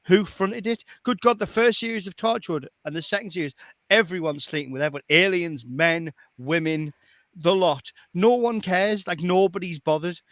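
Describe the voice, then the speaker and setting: A fairly high-voiced man in a casual podcast chat, emphatic and exasperated, circling back to the same point. The sound is close and dry, with no room around it. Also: moderate pace, a bit bright, dry recording. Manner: exasperated, emphatic, repeats himself. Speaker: podcast co-host.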